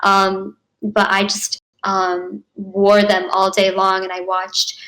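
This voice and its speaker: Young woman chatting in an interview, bubbly, says like a lot, medium pitch. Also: monotone, slow pace, fairly bright tone, low-quality recording. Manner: bubbly, frequent 'like' and 'um', laughs often. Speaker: actress guest. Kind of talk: casual interview.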